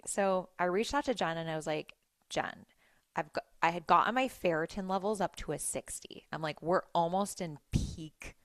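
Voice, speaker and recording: A woman hosting a podcast, telling a personal story in a chatty, animated way with lots of "like"s. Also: lowish voice, dry recording, clean studio sound. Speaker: podcast host. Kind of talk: casual solo storytelling.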